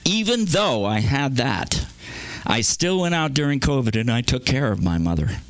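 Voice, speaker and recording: A man's voice: medium pitch, big pitch swings, moderate pace, no echo. A man doing rambling, crude stand-up at an open mic, acting out bits of his stories. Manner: rambling, crude, act-outs with big voices. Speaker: stand-up comedian.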